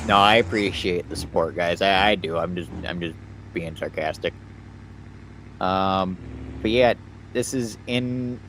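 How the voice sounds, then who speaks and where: A young man chatting casually to his livestream viewers while he works, relaxed and rambling. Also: low-pitched, a little slow, a little hiss or hum. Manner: relaxed, rambling, talks to chat while working.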